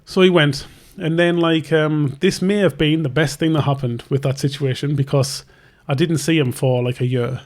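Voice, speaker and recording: With a voice on the high side and fairly even intonation, this young man talks at a normal speed with hardly any pauses. He's a tattoo artist and podcast host, casually spinning a long, rambling tale, acting out each party in the conversation and restarting again and again.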